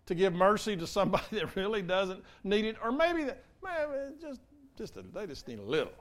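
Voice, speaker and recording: A male pastor preaching a sermon in an earnest way, repeating key phrases and speaking straight to his congregation. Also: high-pitched.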